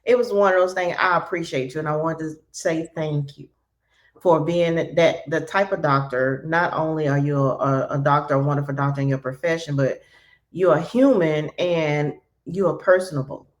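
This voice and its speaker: A woman's voice: sits low, fairly even intonation, normal speed. A woman hosting an interview, speaking earnestly and emotionally as she thanks her guest. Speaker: host.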